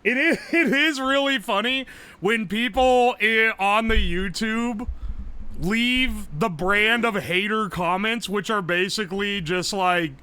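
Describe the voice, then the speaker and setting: A man streaming live, chatting casually, loud and profane, yelling nearly every phrase. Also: high-pitched, slow pace, clear, resonant tone. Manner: brash and profane. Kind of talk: casual livestream chat.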